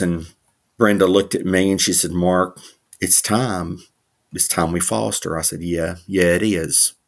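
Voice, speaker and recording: A middle-aged man, a minister, telling his life story in an interview, laughing often and acting out the voices of people he quotes. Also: deep voice. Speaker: guest, minister and author.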